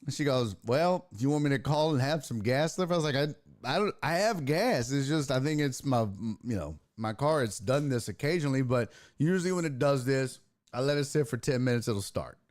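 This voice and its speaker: A man's voice: medium pitch, fairly quick. A man, hosting a sports talk stream and telling a long, profane story in a rambling, casual way. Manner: profane, rambling anecdote with lively impressions. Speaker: sports talk show host.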